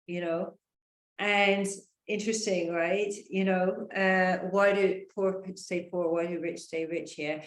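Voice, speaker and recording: Woman, lowish voice, casual rambling talk, echoey room. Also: steady tone, unhurried. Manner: rambling, full of "you know" and "like" fillers; acts out quoted voices with raised pitch.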